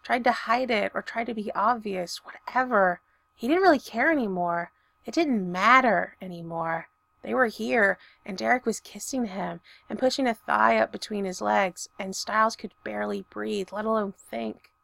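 A woman reading a story aloud in a steady, even storytelling voice. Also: medium pitch, normal speed, vocal fry, no echo. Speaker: narrator. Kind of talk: audiobook fiction reading.

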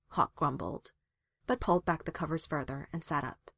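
Low-voiced woman reading a story. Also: normal speed, gravelly, a bit bright, slightly rough, dry recording, clean studio sound. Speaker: reader. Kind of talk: storybook narration.

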